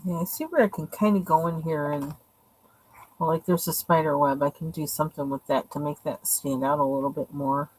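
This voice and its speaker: A woman's voice: sits low, fairly even intonation, fairly quick, a little mellow, low-quality recording. A woman casually showing her coloring pages at home, rambling and thinking aloud as she goes. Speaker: coloring channel host. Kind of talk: casual show-and-tell.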